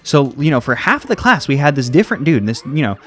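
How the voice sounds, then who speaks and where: Talking fast in a fairly bright, higher-pitched, very animated voice, a young let's play host from the United States narrates a video game. His loose, rambling commentary is full of fillers and drifts into tangents and side stories.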